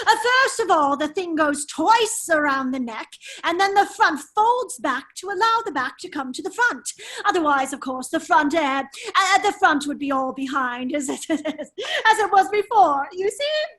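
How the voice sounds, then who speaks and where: A woman's voice: very high voice, sing-song, unhurried, fairly bright tone, heavily acted. A woman playing a giggling foppish English lord. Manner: affected, silly, laughs often. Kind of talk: virtual table read of a 1930s radio play. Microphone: video call.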